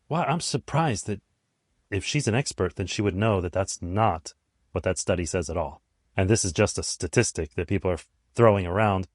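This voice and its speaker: A man in his forties talks through a personal story as a podcast host, conversational and animated, often stopping to reflect on himself. His voice sits on the low side, and the recording is close and dry, with almost no room sound. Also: no echo. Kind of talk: storytelling monologue.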